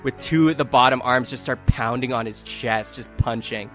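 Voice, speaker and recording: A man narrating as game master in a tabletop game, animated and often laughing. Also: medium pitch, moderate pace, faint music behind.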